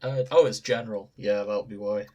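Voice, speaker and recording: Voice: medium pitch, steady tone, a little fast, darkish tone. Giggly podcast co-host reading fanfic. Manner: enthusiastic, giggly banter. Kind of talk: casual chat.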